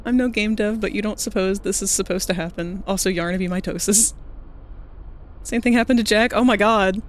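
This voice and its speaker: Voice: mid-range voice, fairly quick, slight background noise. A streamer giving casual live commentary while playing, swearing now and then and picking apart game bugs in technical terms.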